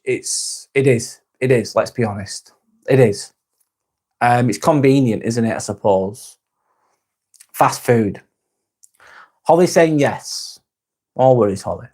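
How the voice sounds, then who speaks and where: Calm, relaxed British man chatting live. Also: medium pitch. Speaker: live-stream host reading viewer comments. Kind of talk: casual live-stream chat.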